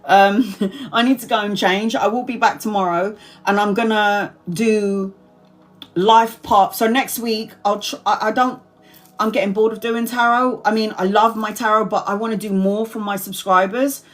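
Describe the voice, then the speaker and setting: Talking to her livestream subscribers, a Brazilian woman in her 40s who reads tarot keeps things loose, circling back over the same points and laughing a lot. She speaks at a normal speed in a steady, medium-pitched voice.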